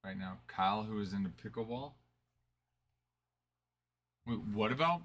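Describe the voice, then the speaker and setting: Bright-voiced man chatting on a stream. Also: lowish voice, a little slow. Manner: chatty, reads out and answers viewer chat. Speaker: card break host. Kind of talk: casual live-stream chat.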